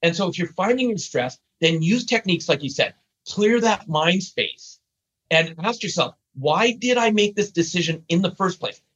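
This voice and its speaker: An older man, a guest trainer, telling stories in an emphatic, blunt, energetic way during an interview. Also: sits high, moderate pace, highs cut off, slight background noise. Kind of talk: animated storytelling interview.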